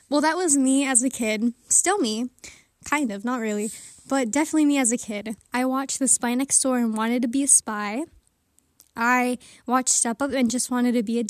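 A teenage girl with a high voice rambles casually from under a blanket, slightly out of breath and tossing in giggly asides. The recording is dry and of studio quality.

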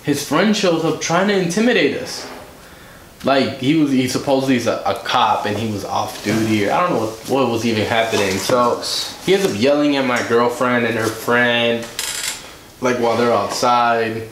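A man's voice: mid-range voice, moderate pace. A man, a podcast guest, telling a story in a casual way and acting out the voices of the people in it. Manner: animated, acts out quoted dialogue. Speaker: podcast guest, music director and producer. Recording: roomy room, faint noise.

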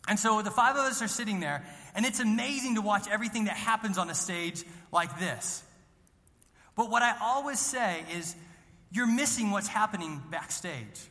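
Male student pastor, high and bright, chatty sermon storyteller, long hall reverb. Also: animated, moderate pace. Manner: conversational storytelling with self-deprecating jokes. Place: church sanctuary.

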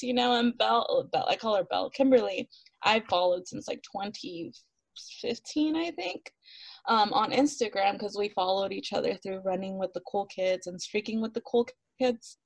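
A talkative woman tells her story as a podcast guest. Her voice has a gravelly fry at the ends of lines, and she laughs often and acts out what people said. The sound is dry and close. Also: medium pitch, moderate pace, no room sound, poor audio. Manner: animated, laughs often, acts out quotes, many "like" fillers. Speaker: interview guest, runner. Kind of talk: casual storytelling interview.

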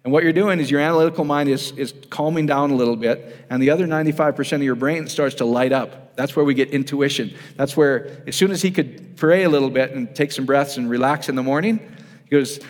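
A man's voice: mid-range voice, a little fast. A man preaching in a casual, conversational way, often asking his audience whether they follow him. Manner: casual, asks the audience questions, addresses them as guys. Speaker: pastor. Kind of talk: conversational sermon. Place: church hall. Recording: reverberant hall.

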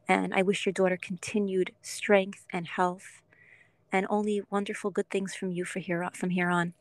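A woman hosting a podcast, talking in an earnest, gentle and encouraging way in a heartfelt interview. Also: mid-range voice, no echo. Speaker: podcast host.

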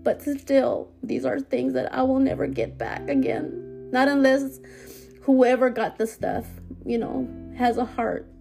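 Gravelly, halting woman podcaster. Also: high voice, steady tone, a little mellow, faint music behind. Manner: halting, hesitant, full of restarts. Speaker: podcast host. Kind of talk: personal podcast monologue.

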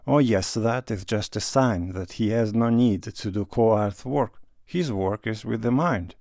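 A man's voice: on the low side, measured pace, vocal fry, darkish tone, no room sound, studio quality. A man voicing a cheerful, worldly nobleman who teases his friend in a breezy, slightly grand manner. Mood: teasing.

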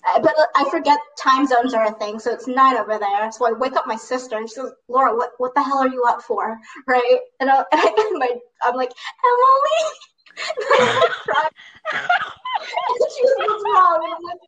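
A teenage girl casually telling a long story to a friend, animated, filling her talk with "like" and laughing as she goes. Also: sits high, fairly quick, few pauses, recorded from a distance, poor audio. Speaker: storyteller recounting a school trip.

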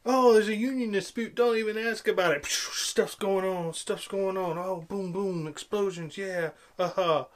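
A man's voice: sits high, steady tone, unhurried, few pauses. A man playing a breezy old alien woman, lilting upward and brushing off every question with offhand boredom, in a sarcastic movie parody. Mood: flippant.

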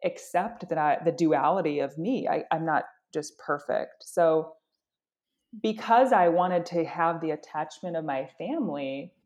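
A woman's voice: sits low, lively intonation, unhurried, a little mellow. A middle-aged woman sharing personal experience in an earnest, self-reflective way, often restarting her sentences. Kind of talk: candid conversational sharing.

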